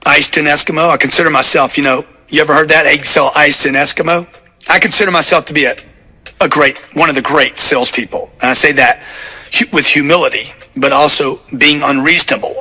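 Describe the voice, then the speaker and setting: Forceful, punchy man narrating with a husky edge. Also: fairly high pitch. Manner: emphatic, punchy, repeats key points for force. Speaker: author narrating his sales book. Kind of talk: motivational audiobook narration.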